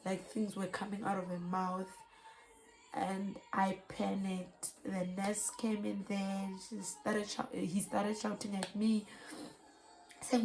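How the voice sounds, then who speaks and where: South african mum talking through what happened, emotional, lots of ums, bit of vocal fry. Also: female voice, mid-range voice, level tone, takes it slowly, a little mellow, soft background music, low-quality recording. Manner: earnest, emotional retelling with many fillers. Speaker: mother sharing her story. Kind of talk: personal testimony vlog.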